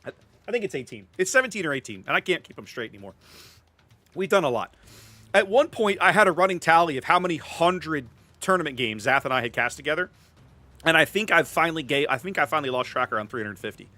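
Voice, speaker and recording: A man's voice: a little high, animated, quick pace, pushed and bright, dry recording. A man streaming a video game, chatting casually with viewers and often repeating words as he thinks. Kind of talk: casual live-stream commentary.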